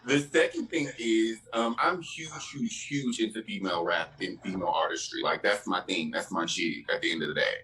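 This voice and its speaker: A man's voice: fairly low pitch, normal speed, few pauses, bright, forceful tone, a little hiss or hum, low-quality recording. A man co-hosting a casual podcast chat, giving his opinion at length and saying "at the end of the day" again and again. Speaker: podcast co-host.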